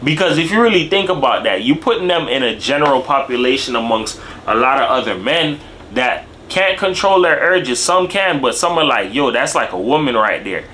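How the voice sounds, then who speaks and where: Young man, lively up-and-down delivery, bright forceful tone, casual street-slang commentary. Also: a little high, normal speed, a little hiss or hum. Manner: animated street-slang talk, tags lines with "bro" and "dog". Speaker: video commentator.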